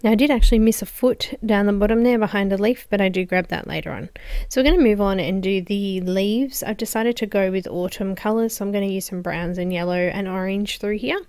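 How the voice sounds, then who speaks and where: Slightly hoarse woman explaining calmly. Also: medium pitch, a little fast, dry recording. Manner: calm, explanatory, with frequent um and so. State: slightly hoarse, losing her voice. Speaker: art tutorial host. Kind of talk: voice-over coloring tutorial.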